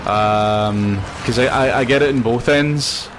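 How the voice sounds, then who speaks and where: A man's voice: medium pitch, slow, noisy background. A Scottish man chatting loosely while streaming a video game, rambling with lots of fillers. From Scotland. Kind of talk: casual gameplay commentary.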